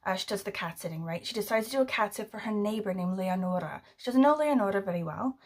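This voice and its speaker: A woman's voice: medium pitch, fast talker. Chatty young woman, rambling book vlog. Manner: rambling, filler-heavy, animated storytelling. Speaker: book vlogger.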